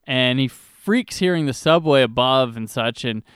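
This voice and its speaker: A man's voice: mid-range voice, expressive, a little slow, a bit bright, clear, resonant tone, dry recording, clean studio sound. A man casually recapping a film's plot as a podcast co-host, with wry asides. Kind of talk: casual movie recap chat.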